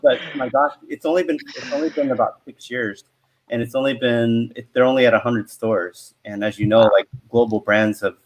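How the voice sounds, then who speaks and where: A man speaking as a guest expert on a casual video call, relaxed and talking in loose restarts. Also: medium pitch, normal speed. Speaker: franchise growth expert guest.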